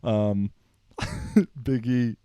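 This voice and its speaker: Laid-back man telling stories, smooth voice. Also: mid-range voice, wildly swooping pitch, drawn-out words, mellow, dry recording, studio quality. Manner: laid-back, slangy, rambling with fillers. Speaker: podcast host. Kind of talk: unscripted casual storytelling.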